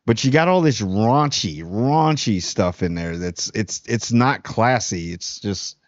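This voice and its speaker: A man from New Jersey hosting a casual spoiler review of a TV show, talking bluntly with frequent restarts and animated jumps. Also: lowish voice, measured pace, no echo, muffled recording. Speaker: TV review host.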